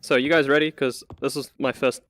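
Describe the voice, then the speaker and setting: With a flat, brisk delivery and a medium-pitched, slightly bright voice, a community manager live-streams a tour of his self-built virtual apartment. He's casual and chatty, full of fillers and frequent laughs, and the audio has no room sound.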